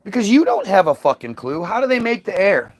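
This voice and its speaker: A man's voice: high voice, sing-song, brisk, no echo. A man hosting a casual monologue, ranting scornfully and profanely, often repeating his words.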